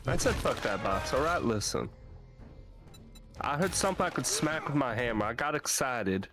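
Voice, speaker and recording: Excitable man swearing through a game. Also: medium pitch, normal speed, music in the background. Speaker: co-player guest. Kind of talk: casual gaming banter. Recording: steady background noise.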